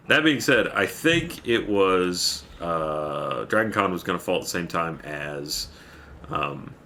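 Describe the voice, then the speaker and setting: Very deep, forceful male streamer. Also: a little hiss or hum. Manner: rambling, thanks viewers by name between gameplay remarks. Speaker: livestreamer. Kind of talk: casual chat while playing a game.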